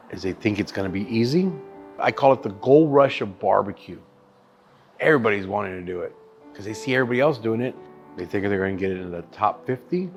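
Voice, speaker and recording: A man's voice: on the low side, a little mellow. A man in his thirties, a barbecue chef, telling his story in a casual interview, emphatic and profane, calling the listener dude and bro.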